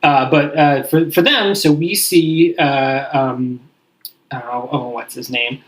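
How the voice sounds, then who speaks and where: A man's voice: fairly high pitch, poor audio. A man co-hosting a podcast, recapping a movie in rambling casual chat full of fillers. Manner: rambling, filler-heavy, acts out quick character lines. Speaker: podcast co-host.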